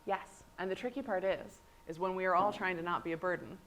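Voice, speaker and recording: A woman trainer presenting a workshop, lively and animated, often checking in with "right?". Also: on the low side, brisk, a little hiss or hum.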